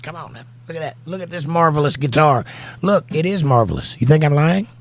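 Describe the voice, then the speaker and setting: A man with a Southern US accent hosts a casual livestream, reading chat messages aloud and answering them warmly, with guitar playing behind him. He's a livestream host and singer, and his voice is fairly high, expressive, brisk, and creaky.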